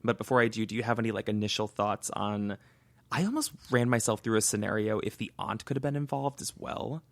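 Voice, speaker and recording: A low-pitched man with a gravelly edge co-hosts a true-crime podcast, retelling a case in loose, conversational chat. He thinks out loud as he goes. His voice is dry and close, recorded on a studio podcast mic. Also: steady tone, fairly quick, no room sound. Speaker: podcast co-host.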